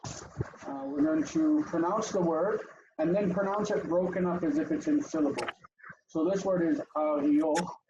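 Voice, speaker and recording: A man teaching a class over a video call, lively and explaining step by step with many fillers, heard through dull, lo-fi call audio. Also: on the high side, measured pace, vocal fry, background noise.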